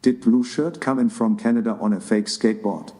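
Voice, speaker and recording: A man's voice: medium pitch, fairly quick, dark tone. A man reading out donation messages from viewers on a live stream.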